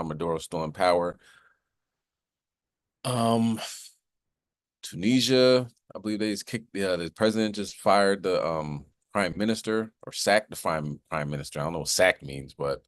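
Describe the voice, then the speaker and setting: A male host with a lowish voice, talking in a loose, rambling way with plenty of slang and filler asides. The sound is dry and close. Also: no echo. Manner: rambling, slangy, with a habitual "you know what I mean". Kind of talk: casual commentary.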